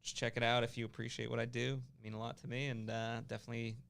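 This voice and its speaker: Fast-talking gravelly guest. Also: male voice, mid-range voice, level tone, fairly bright tone. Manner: joking, laid-back. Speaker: podcast guest, filmmaker. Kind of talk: casual chat.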